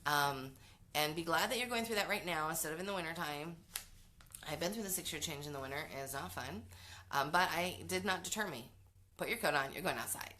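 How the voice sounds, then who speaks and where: A woman's voice: sits low, a little fast, bright, forceful tone. A middle-aged woman hosting a parenting show, giving frank, chatty advice in a casual talk with many fillers and restarts.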